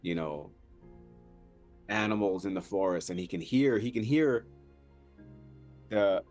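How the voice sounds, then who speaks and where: A man telling his character's actions in a tabletop game, halting and searching for words with many fillers. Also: lowish voice, expressive, darkish tone, faint music behind. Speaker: player.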